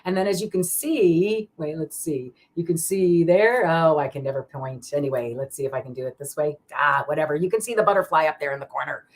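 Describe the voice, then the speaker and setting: A woman's voice: low voice, a little fast, few pauses. A woman hosting a live card-reading stream, talking in a rambling, chatty way with many fillers and restarts, greeting viewers by name. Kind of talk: casual live-stream chat.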